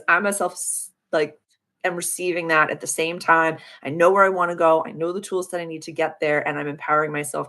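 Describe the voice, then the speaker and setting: Young woman host, gravelly low voice, effusive chat about birth charts. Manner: effusive, gushing with frequent high excited exclamations. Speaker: astrology livestream host. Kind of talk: casual chat reading viewers' charts.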